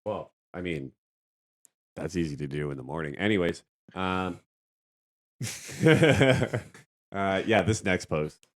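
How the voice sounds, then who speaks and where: A man's voice: sits low, slow, pauses often. A man co-hosting a podcast, chatting casually, swearing often and reading posts aloud. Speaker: podcast co-host. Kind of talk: casual chat.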